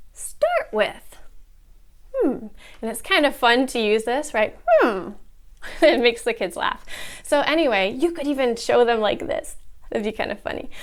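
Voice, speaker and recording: A woman's voice: fairly high pitch, clear, resonant tone. A young adult woman, an online English teacher, demonstrating a mock lesson and explaining her techniques in an upbeat, exaggerated classroom voice.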